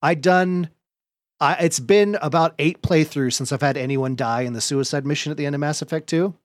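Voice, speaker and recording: A man hosting a podcast, telling a story in lively casual chat, laughing often and swearing now and then. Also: on the high side, normal speed, no echo, clean studio sound. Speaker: podcast host.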